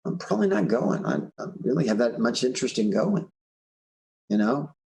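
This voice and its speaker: A man, an author, giving a recorded motivational talk as an animated storyteller who keeps asking "right?". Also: mid-range voice, normal speed, vocal fry, slight background noise. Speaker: speaker and author.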